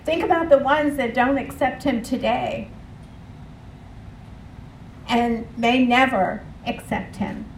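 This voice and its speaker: A woman's voice: fairly high pitch, slow, pauses often, a little hiss or hum. A woman preaching a sermon, earnest and leading the congregation in repeated phrases. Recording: roomy echo from a distant mic.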